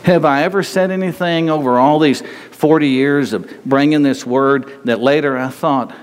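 An older man preaches a sermon, emphatic and repetitive, often turning to the congregation with questions. His voice sits a little high for a man. The sound carries the long reverb of a large hall. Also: moderate pace, clean tone. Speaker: pastor.

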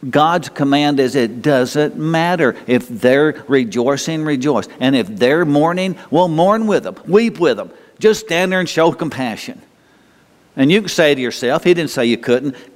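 Folksy preacher in a reverberant sanctuary. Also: male voice, lively intonation, unhurried. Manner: folksy, conversational, often asks the congregation questions; mimics others in a high mocking voice. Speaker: pastor. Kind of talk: sermon.

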